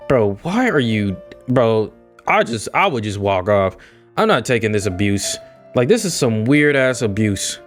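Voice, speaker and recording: A man's voice: lowish voice, sing-song, unhurried, soft background music. A young man reading a visual novel aloud and reacting with exasperated, slangy outbursts. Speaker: gaming video creator.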